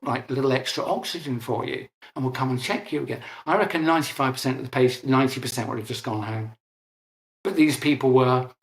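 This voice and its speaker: Man explaining in an echoey room. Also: mid-range voice. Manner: explanatory, self-correcting, emphatic. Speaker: interview guest. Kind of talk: conversational explanation.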